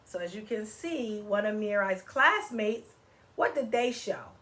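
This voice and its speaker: An animated woman reading a picture book to children. She talks in a teacherly way and keeps pausing to ask her young listeners questions and get them to join in. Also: mid-range voice. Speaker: children's story reader. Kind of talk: read-aloud for children.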